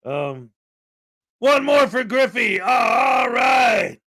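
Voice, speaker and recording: A man with an extremely high, slightly rough voice draws out his words while hosting a livestream from a small, crammed home desk setup. He chats casually, jokes around, reads out viewer donations, and sometimes shouts excitedly in a playful way.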